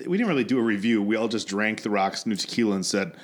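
A man's voice: on the low side, fast talker. A man hosting a podcast in casual chat, rambling and swearing, often laughing as he talks. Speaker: podcast host.

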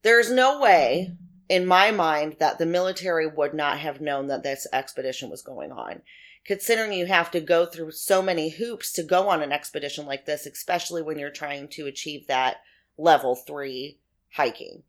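A woman's voice: sits low, normal speed. A woman co-hosting a podcast, chatting casually and speculating through theories with frequent restarts. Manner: speculative, conversational, with many restarts. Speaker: podcast co-host.

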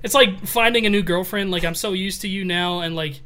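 High, bright-voiced young man joking around. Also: a little fast, a little hiss or hum. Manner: joking, crude, animated. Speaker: podcast co-host. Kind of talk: casual chat.

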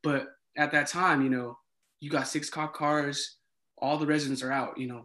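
Animated man with a bright voice. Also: fairly high pitch, normal speed. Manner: animated, acts out dialogue, many fillers. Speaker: former resident assistant. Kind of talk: casual storytelling.

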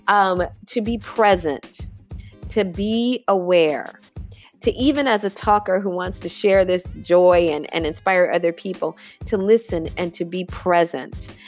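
A woman's voice: lowish voice, a little mellow. A woman hosting a podcast, giving an emphatic motivational monologue and calling her listeners y'all. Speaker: podcast host.

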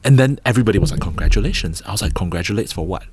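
Deep-voiced Singaporean man telling lively stories. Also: racing, slightly rough, no echo. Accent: Singaporean English. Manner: animated storyteller, acts out quotes, tag questions "right?". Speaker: podcast guest, entrepreneur. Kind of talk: casual storytelling interview.

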